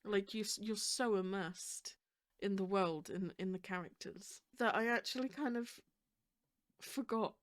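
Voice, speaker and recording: A woman's voice: medium pitch, measured pace. A woman hosting a reaction video, talking casually and rambling as she fights back emotion, often laughing nervously.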